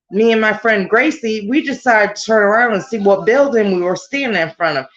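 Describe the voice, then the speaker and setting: A woman speaks over a call at a mid pitch, and her voice comes through dull and lo-fi. She tells her story as a grieving mother, rambling and circling back to details. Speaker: grieving mother interviewed about her daughter's death. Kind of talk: remote interview over a call.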